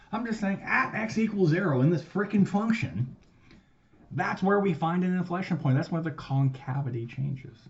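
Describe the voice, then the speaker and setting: A man teaching a casual recorded math lesson, loose and profane, swinging between loud stressed words and quiet trailing asides. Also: mid-range voice, highs cut off. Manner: loose and profane, swears casually while explaining.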